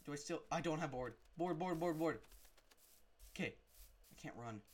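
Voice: mid-range voice, moderate pace. A gamer giving jumpy, unscripted let's-play commentary while talking to the game.

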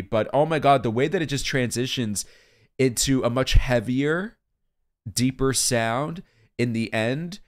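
A man hosting a music video reaction, gushing and emotional, exclaiming and singing along, with faint music behind him. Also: medium pitch.

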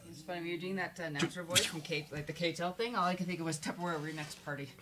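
A woman's voice: fairly low pitch, steady tone, quick pace, heavy background noise. A woman playing a board game casually, explaining rules and swearing freely. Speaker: player.

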